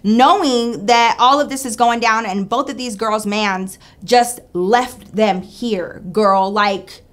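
A woman's voice: on the high side, slow pace. Chatty woman telling a story. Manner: animated, chatty, acts out friends' voices, says "girl" and "y'all". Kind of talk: casual storytime monologue.

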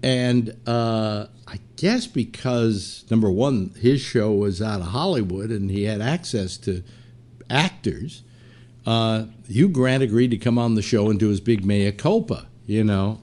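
An older man hosts a talk show podcast, rambling casually through anecdotes packed with fillers and playful imitations of what others said. His voice is fairly low and somewhat dark, at a measured pace.

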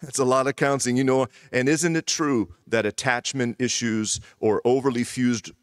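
Man preaching with hushed emphasis. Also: medium pitch, steady tone, normal speed, smooth, dry recording. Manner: emphatic, repeats phrases, drops to a hushed voice. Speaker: pastor. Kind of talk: sermon. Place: church.

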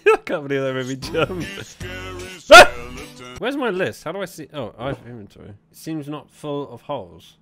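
Animated young man playing a horror game. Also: medium pitch, brisk. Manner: jumpy, laughing, swearing reactions; reads on-screen game text aloud. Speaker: gaming YouTuber. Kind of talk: horror gameplay commentary. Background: game music.

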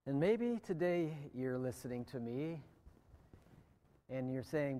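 An American man preaching a sermon as pastor, slow and deliberate, letting phrase endings drop quiet. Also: medium pitch, in a large hall. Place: church sanctuary.

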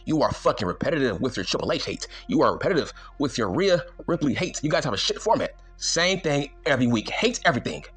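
A man's voice: medium pitch, very animated, fast talker, hardly any pauses, fairly bright tone, slightly rough, faint music behind. A man delivering an angry, profane, mocking rant to camera as a wrestling YouTuber. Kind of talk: angry ranting monologue.

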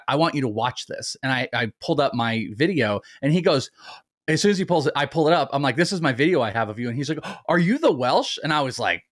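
Fast-talking man telling a story. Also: mid-range voice, a bit bright, no echo, studio quality. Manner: fast, laughing, stumbling restarts. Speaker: podcast co-host. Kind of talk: casual storytelling chat.

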